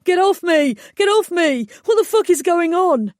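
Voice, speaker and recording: A woman's voice: a little fast, darkish tone, no echo, clean studio sound, close to an everyday voice. A woman voicing a vain, panicky young male fairy who wails melodramatically. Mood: panicked. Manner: shrill melodramatic wailing.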